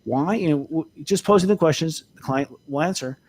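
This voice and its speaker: A man's voice: a little high, a little fast, a little mellow. A man co-hosting a casual spiritual talk show, speaking candidly as an astrologer and laughing often. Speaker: co-host, astrologer.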